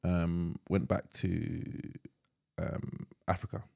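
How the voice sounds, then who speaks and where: A young man co-hosting a podcast, asking probing questions and pausing with frequent ums. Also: sits low, level tone, creaky, a little mellow. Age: young adult. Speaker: podcast co-host. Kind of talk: casual chat.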